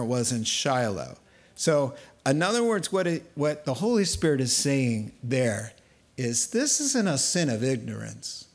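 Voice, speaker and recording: A man preaching a sermon, telling the story in a lively way and acting out the voices he quotes. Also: fairly high pitch. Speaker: pastor.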